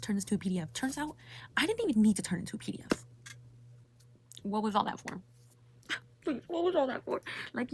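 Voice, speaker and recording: A woman's voice: mid-range voice, a little hiss or hum. A young woman telling a frustrated story in a casual vlog rant, full of "like" and swearing. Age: young adult. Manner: exasperated, heavy use of "like", swearing. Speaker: vlogger.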